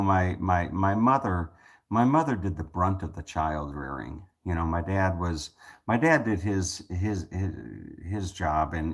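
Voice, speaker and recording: A man talking casually to his viewers in a rambling monologue, with many restarts, repeated words and joking asides. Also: low voice. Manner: joking, self-amused asides. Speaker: vlogger.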